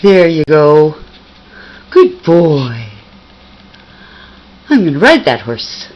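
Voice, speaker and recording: A woman's voice: deep voice, very animated, extremely slow, highs cut off. A woman filming her pet at home on a handheld camcorder, coaxing and praising it in cooing baby talk. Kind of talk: home video chat with a pet.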